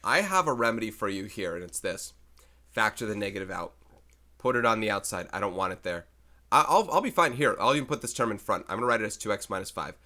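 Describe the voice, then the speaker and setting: A male math teacher talks his way through algebra problems for a recorded lesson. He chats casually and thinks aloud as he goes. His voice sits fairly low but sounds bright and forceful. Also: big pitch swings, fast talker. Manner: chatty, thinks aloud while solving problems.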